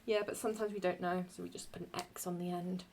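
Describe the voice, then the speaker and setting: A young woman explaining Latin verse in a casual, halting way, often stopping to correct herself as she writes. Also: fairly low pitch, flat delivery, a little mellow, slight background noise. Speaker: Latin teacher.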